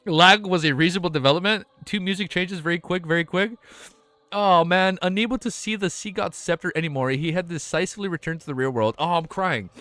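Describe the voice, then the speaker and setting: Excitable young man streamer, dry close mic. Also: high voice, a little fast, no room sound. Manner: excitable, swears, laughs and shouts in reaction to the story. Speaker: streamer reading a web novel aloud. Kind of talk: live-stream read-along with reactions.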